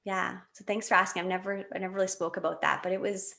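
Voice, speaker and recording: A woman's voice: mid-range voice, fast, gravelly. A woman in her late thirties from Canada, telling a personal story in a casual interview with many fillers and restarts. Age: 30s. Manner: animated, emotional, lots of fillers and restarts. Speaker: podcast guest.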